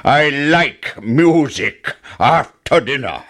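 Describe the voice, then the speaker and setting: A man voicing a huge wicked giant in a storybook reading, with a slow booming chant. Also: expressive, fairly bright tone. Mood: demanding.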